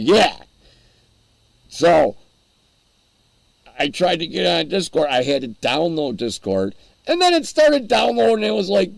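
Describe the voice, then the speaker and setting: A man's voice: on the high side, creaky, dry recording. A man hosting a casual livestream, rambling and chuckling as he answers his chat while eating. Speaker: livestream host.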